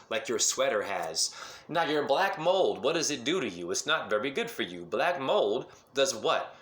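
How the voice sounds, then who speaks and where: A man's voice: a little high, bright, forceful tone, roomy sound. A man giving a rambling monologue to camera as a self-styled spiritual teacher, firing off rhetorical questions and jumping between topics.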